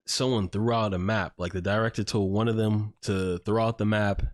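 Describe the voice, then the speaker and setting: Low-voiced man telling a story casually. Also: fairly even intonation, normal speed, no echo, clean studio sound. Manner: rambling storyteller, heavy on filler "like", profane. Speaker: podcast host. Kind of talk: casual chat.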